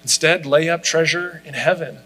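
Man, sermon, bright tense voice, slightly high, chatty with fillers. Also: fairly even intonation, moderate pace, poor audio. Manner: conversational, frequent "like" fillers. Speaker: pastor.

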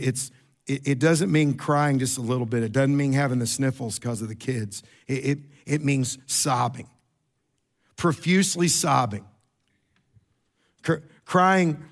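Preaching to his congregation, a middle-aged pastor keeps things conversational, doubling back on words and slipping in fast asides. Emphasis arrives as a rise in both pitch and loudness.

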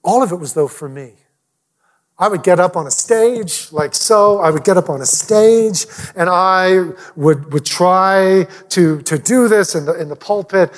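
A middle-aged man, a pastor, telling a personal story in a lively way, at times dropping almost to a whisper. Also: high voice, measured pace. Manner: animated, drops to near whispers.

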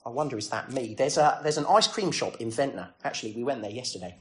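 A man's voice: medium pitch, lively intonation, fast, fairly bright tone. A man preaching a sermon in a conversational way, full of rhetorical questions and self-deprecating asides.

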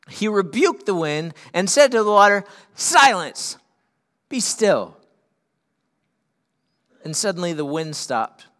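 Man preaching with swinging intensity. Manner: animated preaching, swinging from loud urgent peaks to quiet earnest lows. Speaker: pastor. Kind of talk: sermon.

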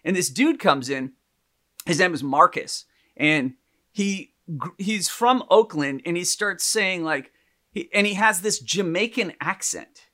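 A man in casual podcast conversation, telling an animated, rambling story with lots of restarts. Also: high-pitched, unhurried.

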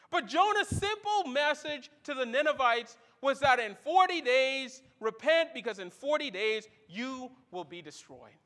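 A middle-aged man preaching a sermon as a pastor, telling stories and acting out the quoted voices in them. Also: very high-pitched. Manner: animated storytelling, acts out quoted voices.

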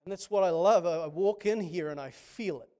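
This sermon comes from a man whose voice sits high, brisk and mellow. He preaches through stories with passion, restarting frequently as he goes.

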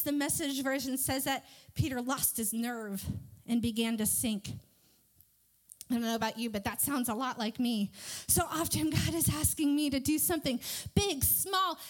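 High-voiced, playful woman teaching Bible. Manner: animated and playful, reads scripture aloud.

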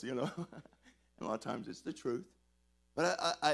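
A man preaching a sermon as pastor, emphatic and excitable, stumbling over restarts as he gets worked up. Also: mid-range voice, moderate pace, vocal fry, pauses often.

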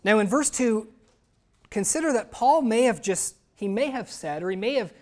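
A man's voice: high-pitched, expressive, normal speed. A male pastor preaching earnestly to his congregation. He drives each point home with emphasis and regularly calls out questions to the listeners. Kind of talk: sermon.

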